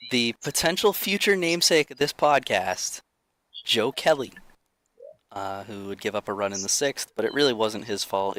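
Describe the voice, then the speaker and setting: A man's voice: lowish voice, a bit bright, no room sound. A young man co-hosting a casual sports podcast, sarcastic and rambling, swearing now and then. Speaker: podcast co-host.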